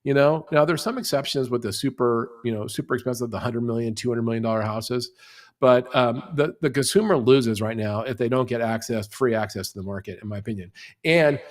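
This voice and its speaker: A middle-aged man in a podcast discussion, talking fast and animated with lots of "you know" as he explains the real estate industry. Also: medium pitch.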